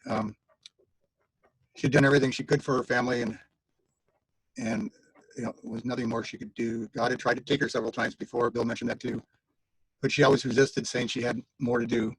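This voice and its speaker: A man giving an informal eulogy for his mother over a video call, halting, with many fillers and restarts. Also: medium pitch, fairly even intonation, breathy edge, no echo, poor audio. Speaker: son speaking at mother's online funeral.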